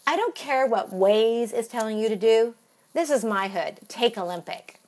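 A woman's voice: on the high side, lively intonation, moderate pace, a little mellow. A gushing valley girl, played by a woman, bubbly and dramatic. She keeps saying oh my God and dude and talks like a trend-chasing Angeleno.

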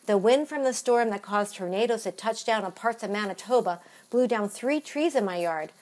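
A woman's voice: mid-range voice, normal speed, a little mellow, close to an everyday voice. A woman doing a folksy gal saying eh. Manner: folksy, peppered with eh and you betcha. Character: chirpy Canadian woman, hockey-loving, says eh.

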